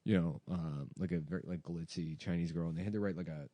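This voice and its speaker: A man's voice: deep voice, quick pace, dark tone, no echo. A man hosting a comedy podcast in casual, rambling chat, swearing freely and leaning on fillers. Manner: rambling, profane, filler-heavy.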